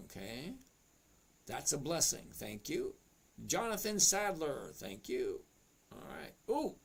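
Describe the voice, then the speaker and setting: A man's voice: on the high side, creaky. A man hosting a stock trading livestream, chatting casually, greeting viewers by name and explaining charts step by step. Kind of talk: casual livestream chat reading viewer comments.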